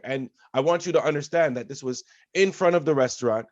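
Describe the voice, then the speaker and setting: A man co-hosting a casual podcast who tells stories with animated, loud energy and a lot of swearing. He speaks at a middle pitch. His mic sounds dry and a little dull. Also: quick pace, dry recording. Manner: animated storyteller, loud and profane when reenacting. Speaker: podcast co-host.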